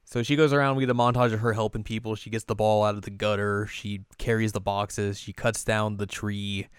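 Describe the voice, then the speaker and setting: Guy recapping an anime episode, smooth lowish voice, dry close sound, does squeaky character voices. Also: fairly quick, no echo. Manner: animated, acts out characters' lines in high squeaky voices. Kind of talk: casual reaction chat.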